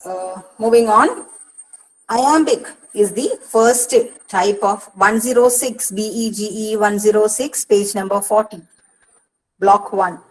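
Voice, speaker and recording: A woman's voice: mid-range voice, slow, low-quality recording. A woman with an Indian English accent, a university counsellor, giving an online lecture and explaining step by step with frequent "see" and "uh".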